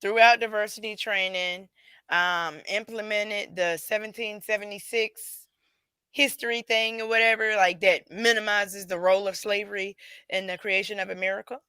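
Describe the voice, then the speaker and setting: Bright-voiced woman cohost, playful, laughs a lot, dry mic. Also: medium pitch, fairly even intonation, normal speed, clear, resonant tone, dry recording. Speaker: podcast co-host. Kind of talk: casual chat.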